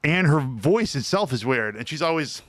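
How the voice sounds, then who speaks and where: A man's voice: a little high, big pitch swings, measured pace, fairly bright tone, no echo. Give me a joking male comedian hosting a podcast. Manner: joking, teasing banter. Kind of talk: casual chat.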